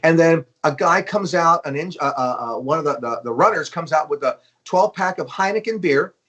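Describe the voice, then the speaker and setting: A man in his fifties from Los Angeles, a guest drummer telling a profane, animated story with lots of fillers in a casual interview. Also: a little high, normal speed. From Los Angeles, USA.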